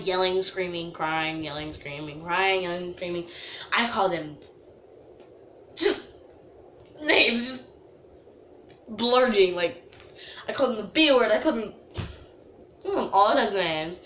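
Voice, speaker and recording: A young woman telling a storytime vlog, chatty with lots of "like", dramatically reenacting herself wailing in a high voice. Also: pushed and bright, echoey room, a little hiss or hum. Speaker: vlogger.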